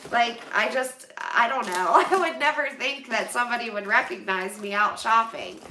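A Pennsylvania woman in her thirties opens donation boxes on a livestream, chatting bubbly and exclaiming often. Her voice is a little high, expressive and sharp at a moderate pace, but she's away from the mic in an echoey, noisy room.

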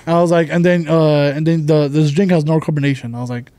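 A man with a high voice telling his side of a story on a podcast. He talks in a heated, profane rush. The sound is dry and right up on the mic. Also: fairly even intonation, mellow, no room sound. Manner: heated, swearing, fast retelling. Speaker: podcast co-host. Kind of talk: casual storytelling among friends.

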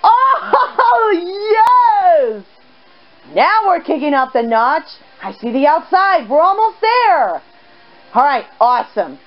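A woman giving excited, gushing commentary while playing a video game, often squealing out exclamations. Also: sits high, a little slow. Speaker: let's play gamer. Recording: slightly dull sound with game music.

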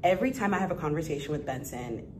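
A young adult woman, a guest entrepreneur in a casual interview, talking in an animated, effusive way with bursts of laughter. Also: low voice, fast, noisy background.

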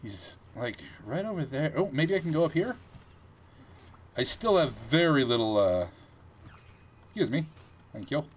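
A man giving casual gameplay commentary, chatty and thinking aloud as he plays, with animated reactions. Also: on the high side, unhurried, long pauses, husky.

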